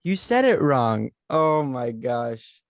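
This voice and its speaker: A man's voice: medium pitch, sing-song, slow. A young American man hosting a podcast in a playful, teasing chat. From United States. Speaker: podcast host. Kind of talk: casual chat.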